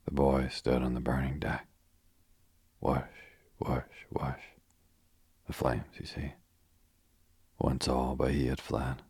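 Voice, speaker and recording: A man's voice: extremely low pitch, little pitch movement, slow, gravelly, pauses often, a little mellow, husky, no echo, exaggerated voice. A man voicing a flippant young adventurer who jokes dryly while guiding a tour. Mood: joking. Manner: flippant, dry joking.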